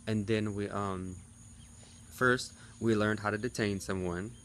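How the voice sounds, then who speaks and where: A man's voice: fairly low pitch, steady tone, measured pace, fairly bright tone, a little hiss or hum. A man in his thirties chatting casually to his viewers in a vlog recap. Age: 30s. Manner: chatty, talks straight to viewers. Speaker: vlogger.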